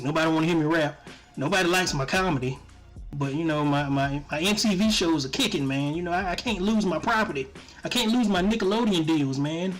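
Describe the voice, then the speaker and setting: A man's voice: on the high side, close to an everyday voice. A man mocking a whiny apologetic male celebrity. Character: pleading, apologetic male celebrity begging to keep his deals.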